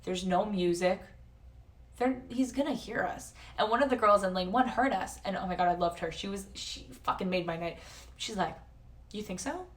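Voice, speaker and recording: A woman's voice: mid-range voice, normal speed, far from the mic. Young woman, streamer, rambling chat full of swearing and filler "like", voice worn thin, set back from the mic. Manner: chatty, swears a lot, says "like" constantly. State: losing her voice. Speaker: livestreamer.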